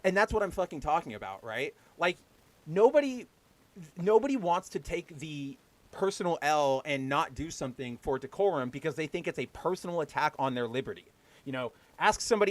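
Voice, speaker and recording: A man's voice: fairly high pitch, lively intonation, fairly quick, no room sound. A man hosting a livestreamed show, ranting in a heated, profane way and mocking the people he quotes in exaggerated voices. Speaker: podcast host. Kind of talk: casual ranting livestream talk.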